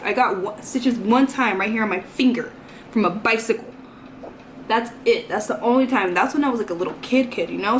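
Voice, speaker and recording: A woman's voice: fairly high pitch, a little hiss or hum. A young woman vlogging in a casual storytime, rambling and chatty, filling her talk with "like" and "you know".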